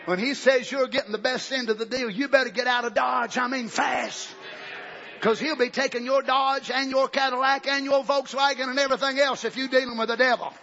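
A gravelly-voiced man preaches a fiery sermon at a moderate pace, his pitch barely shifting overall even as he moves between low murmurs and shouted peaks with amens. The recording is dull lo-fi from an echoing church hall.

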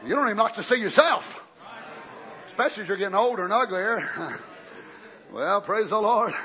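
A male preacher gives a fervent sermon at a moderate pace, animated, often shouting and breaking into cries of praise. His voice is very high and bright, but the recording sounds dull and lo-fi.

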